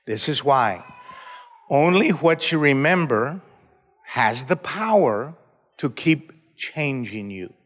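A pastor preaching a sermon, leading the congregation in call-and-response and breaking into shouts. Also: male voice, medium pitch, animated, slow. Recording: reverberant church hall.

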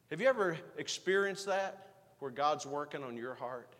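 A man's voice: on the high side, lively intonation, normal speed. Man preaching in a reverberant church. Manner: preaching with rising emphasis and quiet asides. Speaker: pastor. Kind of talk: sermon.

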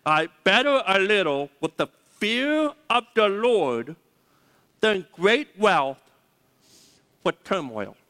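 A man's voice: high voice, very animated, slow, bright, forceful tone. A man preaching a sermon as pastor, emphatic, repeating key words and leading the congregation to say them aloud. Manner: leads the audience to say words aloud. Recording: long reverb of a large hall.

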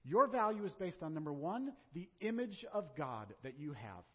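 Man, pastor, Southern American accent, sermon, husky voice, dull lo-fi church recording. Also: fairly high pitch, big pitch swings, moderate pace. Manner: conversational preaching with rhetorical questions. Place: church sanctuary. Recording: dull sound with long hall reverb.

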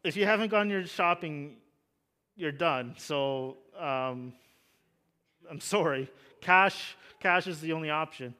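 Young guy pastor giving a sermon, kinda high voice, chatty with jokes then gets fervent. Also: slow pace, sharp tone. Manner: conversational, jokey asides, rising to fervent emphasis.

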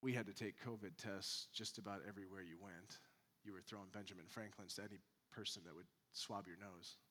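A male pastor delivering a sermon, moving between loud emphatic points and quiet, mocking asides. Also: low voice, fairly even intonation, a little fast, big-room sound.

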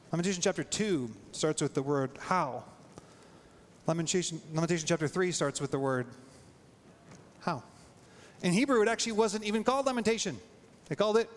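Animated man preaching in a reverberant hall. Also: slight background noise. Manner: animated, voice jumps high when acting out prayers. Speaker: pastor. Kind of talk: sermon.

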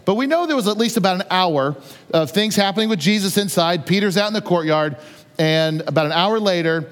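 Male preacher, conversational storyteller who acts out scenes; high voice, echoing hall. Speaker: pastor. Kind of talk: sermon. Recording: long reverb of a large hall.

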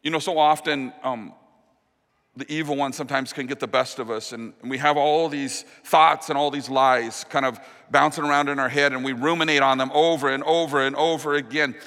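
A man preaching a sermon as pastor, earnest, dropping to a hushed, slow voice on the key promises. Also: medium pitch, fairly even intonation. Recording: long reverb of a large hall.

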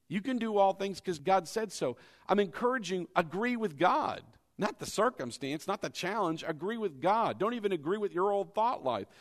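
A man preaching with a lively, swooping delivery that rises high and drops low as he drives his points home. He is a pastor leading his congregation in repeating scripture after him. His voice sits a bit above the usual pitch for a man. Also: creaky. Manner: animated preaching, leads call-and-response with the congregation; acts out hesitant and doubting voices in a low mumble. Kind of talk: sermon.

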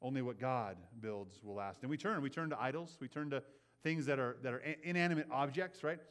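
A man preaching a sermon in an earnest way. He often checks in with the listeners with a quick "right?" and repeats words as he builds his points. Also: medium pitch, a bit bright. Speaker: pastor.

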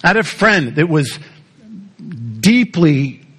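A man's voice: a little high, animated, slow pace, a bit bright, slightly rough. A male pastor preaching a sermon in a conversational storytelling way, putting questions to the congregation.

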